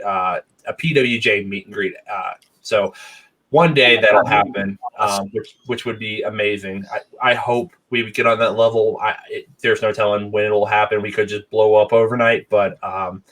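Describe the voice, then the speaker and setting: A man's voice: lowish voice, steady tone, normal speed, a bit bright, far from the mic, low-quality recording. A man hosting a casual wrestling podcast, rambling with many ums and restarts. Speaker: podcast host.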